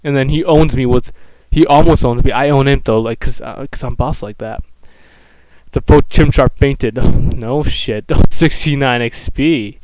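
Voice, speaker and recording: A man's voice: medium pitch, unhurried, a little mellow, no echo, low-quality recording. A man giving casual, sarcastic gameplay commentary, swearing freely and often restarting his sentences. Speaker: let's play commentator.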